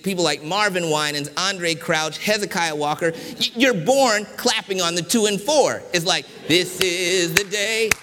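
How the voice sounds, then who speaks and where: Middle-aged male preacher from Washington, D.C., bright and slightly high voice, humorous storytelling sermon, reverberant sanctuary. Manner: storytelling with humor, varied pacing and emphasis. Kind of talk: sermon with personal stories. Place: church sanctuary.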